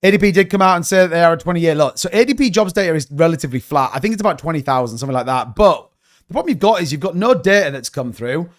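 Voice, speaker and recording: Animated swearing crypto streamer man. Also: on the high side, racing. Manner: animated, swearing, exasperated rants. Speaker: crypto livestream host. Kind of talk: casual livestream commentary.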